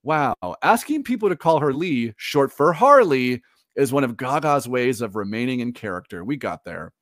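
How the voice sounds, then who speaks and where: A man's voice: medium pitch, big pitch swings, normal speed, fairly bright tone, dry recording. Chatty podcast co-host man, dry sound. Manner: chatty, laughing, rambling. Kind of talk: casual chat.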